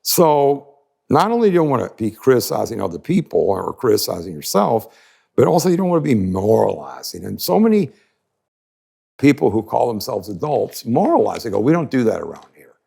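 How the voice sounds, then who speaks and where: Teaching a podcast audience, a man with a gravelly, husky voice speaks at normal speed, emphatic and very lively in pitch. He often drops into brief voices to act out the people he quotes, making it animated teaching talk.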